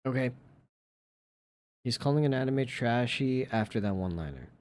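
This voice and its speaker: A man's voice: expressive, moderate pace. A man streaming live, chatting casually and gushing playfully over viewer pictures. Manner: gushing and playful, jumps into squeaky high exclamations.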